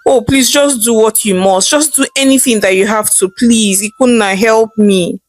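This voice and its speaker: A woman's voice: on the high side, normal speed, no room sound, faint music behind, lightly acted. Woman voicing a crying, begging young wife.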